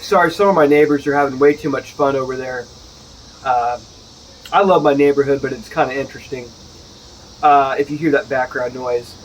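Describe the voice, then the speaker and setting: A man's voice: medium pitch, normal speed, a little hiss or hum, rough recording. A man giving a casual, jokey whiskey review outdoors at home, full of chatty asides. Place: outdoors at home, with neighbors nearby.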